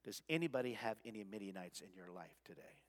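A man's voice: lowish voice, lively intonation, quick pace. A male pastor preaching a sermon, with dramatic swings and voices he acts out for his congregation. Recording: long reverb of a large hall.

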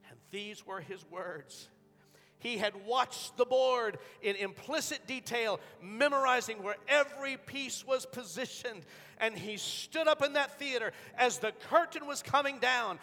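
A man pastor preaching a sermon, dramatic, swinging from hushed storytelling to loud, urgent declarations. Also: extremely high pitch, measured pace, long reverb tail, soft background music.

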